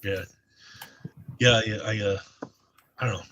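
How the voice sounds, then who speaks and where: A man chatting casually on a stream, rambling and halting with restarts. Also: on the low side, fairly even intonation, pushed and bright, a little hiss or hum.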